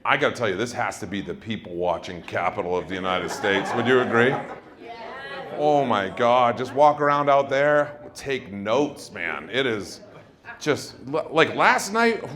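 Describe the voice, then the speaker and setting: A male stand-up comedian doing loud, teasing crowd work on a club stage. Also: mid-range voice, animated, measured pace. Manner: loud, brash, teasing the audience. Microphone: handheld stage mic. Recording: live club with crowd laughter. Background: audience laughter.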